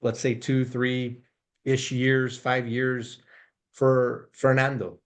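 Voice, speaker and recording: A man's voice: mid-range voice, little pitch movement, very slow. A man hosting a podcast, casual and upbeat, tagging his points with "right?". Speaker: podcast host. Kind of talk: podcast interview.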